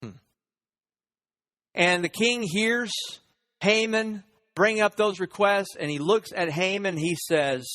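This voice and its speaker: A man's voice: high voice, takes it slowly, long pauses, fairly bright tone. A man preaching a sermon, retelling a story and acting out the characters' lines. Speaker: pastor.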